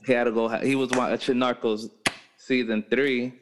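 A man's voice: mid-range voice, level tone, moderate pace, noisy background. A man hosting a podcast, teasing his co-host in blunt, profane casual chat.

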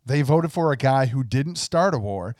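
A man's voice: medium pitch, animated, moderate pace, a little mellow, no echo, clean studio sound. A man from Canada co-hosting a podcast, making blunt, declarative political points and often just agreeing briefly. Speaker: podcast co-host. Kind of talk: casual political commentary.

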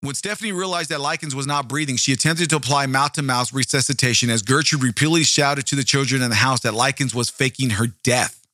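A man's voice: mid-range voice, fast, sharp tone, dry recording, clean studio sound. A man hosting a true-crime show, reading the case aloud and breaking off into blunt, profane asides to his listeners. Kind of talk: true-crime narration with commentary.

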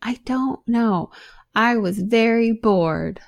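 A woman's voice: a little high, slow pace, gravelly. Sarcastic blunt woman podcast co-host. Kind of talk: casual movie recap chat.

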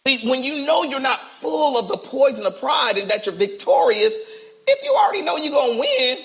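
High bright animated male preacher. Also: normal speed. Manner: animated call-and-response preaching, acts out quotes. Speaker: pastor. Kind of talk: sermon. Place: church sanctuary.

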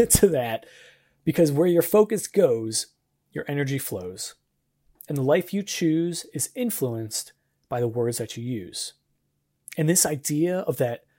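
Casting note: young adult male podcast host, mid-pitched, earnest and encouraging devotional chat. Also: darkish tone. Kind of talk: casual devotional podcast monologue.

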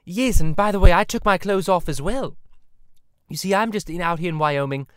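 A man voicing a sly cartoon baby boy with deadpan asides. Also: sits high, moderate pace, clean tone, dry recording. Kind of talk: parody voice acting.

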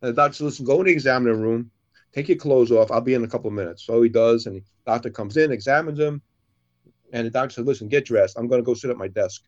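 Man telling jokes, dull lo-fi sound. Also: fast. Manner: animated storyteller, jumps higher for characters' lines. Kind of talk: casual joke telling.

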